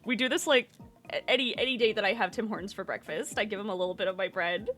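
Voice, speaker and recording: A woman streamer chatting casually and with animation, slipping into high baby talk with her pet bird. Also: quick pace, fairly bright tone, soft background music.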